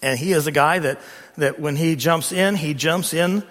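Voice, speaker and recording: A middle-aged man preaching a sermon as a pastor, emphatic and rising to loud peaks on key points. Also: a little high, normal speed. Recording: long reverb of a large hall.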